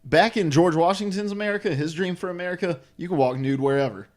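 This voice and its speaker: A man's voice: sits high, fast. A young man co-hosting a podcast in casual chat, joking and laughing often. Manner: animated, joking, laughs a lot. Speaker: podcast co-host.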